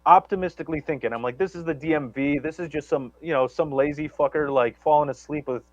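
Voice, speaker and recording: A man's voice: a little high, fast talker, no room sound, highs cut off. A man telling a long story on a live talk show, rambling and profane, with many restarts and stammers. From Chicago area. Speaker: guest storyteller.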